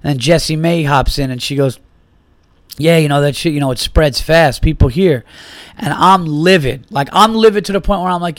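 A man hosting a podcast, animated as he retells a story, acting out the quotes and swearing freely. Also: fairly high pitch, moderate pace, no room sound, studio quality. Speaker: podcast host. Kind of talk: casual storytelling.

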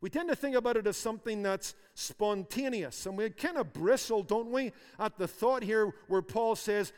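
A man's voice: high voice, normal speed, few pauses, clear, resonant tone, in a large hall. A man preaching a sermon, emphatic, repeating phrases for force. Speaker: pastor.

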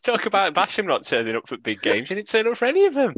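A man joking and chatting about football on a casual podcast, quick to poke fun at himself. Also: high voice, wildly swooping pitch, fairly bright tone, no room sound, dull audio. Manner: jokey, self-deprecating, laughs.

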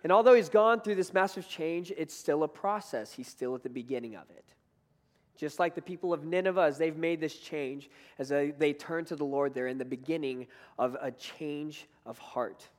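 A man's voice: a little high, moderate pace, big-room sound. A man preaching a sermon in an earnest, conversational way, building to emphatic points.

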